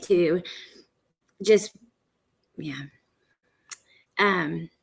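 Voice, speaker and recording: A woman's voice: on the high side, fairly bright tone. Chatty woman hosting a livestream. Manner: chatty, greets viewers by name, many fillers. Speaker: true crime livestream host. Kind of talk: casual livestream chat. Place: at home, indoors. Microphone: computer camera setup for a livestream.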